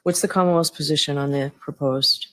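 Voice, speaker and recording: A judge speaks from the bench in a firm, deliberate way, weighing the lawyers' points and then ruling on them. The voice sits at a middle pitch. The delivery is measured and steady, without hurry. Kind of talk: courtroom ruling. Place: courtroom.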